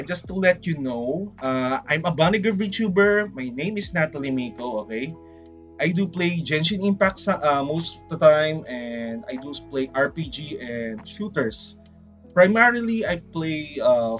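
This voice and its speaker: A man with a Filipino accent chatting casually on a livestream, rambling and excitable, often saying "freaking". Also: on the high side, highs cut off. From Philippines. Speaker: VTuber streamer.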